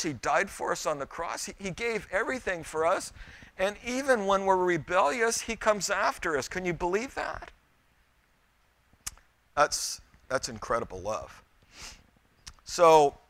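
A middle-aged male pastor preaching with a bright, forceful voice that sits a little high. He tells homely stories and turns often to his listeners. The sound is dry and close. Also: no room sound. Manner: folksy storytelling, addressing the congregation directly. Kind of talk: sermon.

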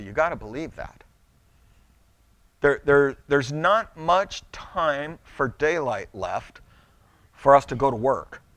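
A man's voice: medium pitch, a bit bright, dry recording. A middle-aged male pastor preaching a sermon in a conversational way, stumbling over restarts and acting out little quotes.

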